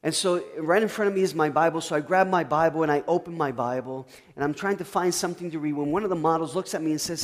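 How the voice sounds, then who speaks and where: A man preaching a sermon as pastor, telling a story and swinging between loud bursts and hushed asides. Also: fairly high pitch, fast talker. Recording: long reverb of a church hall.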